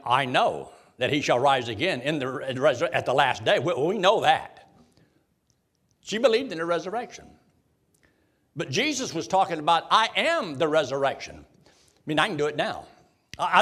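With a fairly high-pitched, fairly bright voice, this Bible study teacher folksily reads King James passages aloud and quizzes the people in his group.

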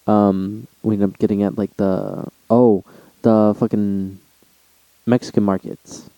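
A man's voice: on the low side, level tone, slow, dark tone, no room sound, lo-fi sound. A man co-hosting a podcast in casual chat, laid-back, asking short questions and swearing casually. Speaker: podcast co-host.

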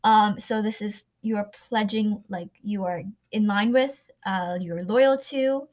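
A woman teacher recording a vocabulary lesson, slowly pronouncing each word and explaining it with everyday examples. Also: medium pitch, darkish tone. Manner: slow, careful pronunciation drills.

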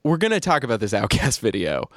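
A man's voice: medium pitch, wildly swooping pitch, fast, a bit bright. A man hosting a casual podcast chat, rambling through tangents with lots of fillers and frequent laughter. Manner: giggly, rambling with many fillers. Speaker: podcast host.

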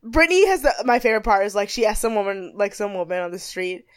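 A woman co-hosting a podcast, chatting casually, giggly and animated, a bit groggy on cough medicine. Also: medium pitch, fast. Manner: giggly, animated, slips into impressions. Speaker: podcast co-host. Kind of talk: casual recap chat.

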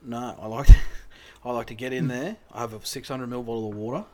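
An Australian man chatting casually on a podcast, his voice sitting at an ordinary pitch. He rambles and swears easily, getting loud when something riles him. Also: brisk, crowd noise. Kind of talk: casual chat.

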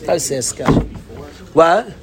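Animated yeshiva-style man teaching Talmud. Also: on the high side, slow, heavy background noise. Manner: animated storytelling, breaks into laughter and acts out his study partner; sprinkles Yiddish and Hebrew yeshiva terms. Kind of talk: informal Torah class.

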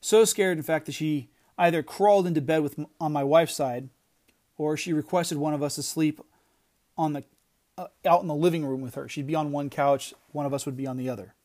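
A man's voice: a little high, fairly even intonation, a little fast, darkish tone. A middle-aged man giving an earnest devotional talk, emphatic, often restarting his phrases. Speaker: podcast devotional speaker.

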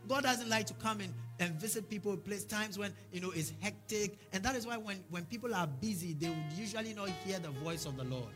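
A man's voice: high-pitched, a little fast, hardly any pauses, music in the background. A man preaching a sermon as a pastor, with fervent, repeated declarations and prayers.

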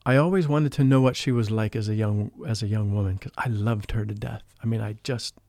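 Male interview guest, earnest and emotional, low dark voice, dry room. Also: fairly even intonation, a little fast, no room sound. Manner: earnest, emotional, drops to a hushed voice for quotes. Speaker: podcast guest, spiritual life coach. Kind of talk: storytelling in a casual interview.

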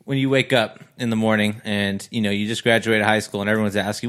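A man's voice: on the low side, quick pace, fairly bright tone. A man hosting a podcast interview, asking long rambling questions with lots of jokes and laughter. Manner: rambling, jokey, laughs often.

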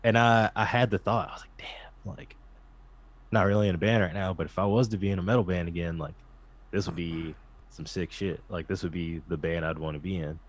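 A male musician guest chatting casually, excitable and slangy, with a heavy use of "like". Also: low-pitched, brisk. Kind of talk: casual chat.

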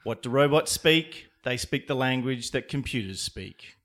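A man co-hosting a podcast in a playful, jokey way. His voice sits at a middling pitch. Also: animated, a little slow, fairly bright tone. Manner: playful, jokey, reads numbers aloud. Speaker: podcast co-host. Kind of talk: casual chat.

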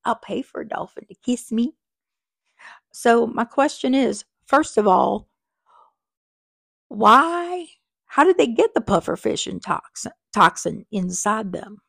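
Creaky-voiced woman hosting a chatty podcast. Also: fairly high pitch, expressive, takes it slowly, pauses often, fairly bright tone, no echo, clean studio sound. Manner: chatty and rambling, with many fillers and asides. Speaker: podcast host. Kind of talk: casual podcast chat. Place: small crowded office. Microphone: small microphone.

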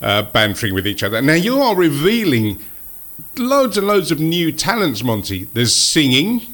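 A man hosts a radio interview, prompting his guest and laughing often. His voice is bright and sharp, pitched a little above the usual. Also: wildly swooping pitch, normal speed. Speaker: radio host.

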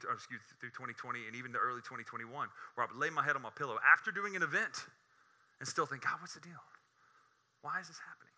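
Bright, animated preaching man. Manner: animated, joking, climbs high when excited. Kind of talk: sermon.

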